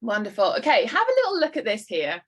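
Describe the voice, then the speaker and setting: A woman's voice: fairly high pitch, huge pitch swings, quick pace, husky, lo-fi sound. A woman giving an encouraging online workshop talk to business owners over a video call. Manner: encouraging, lightly acts out quoted voices.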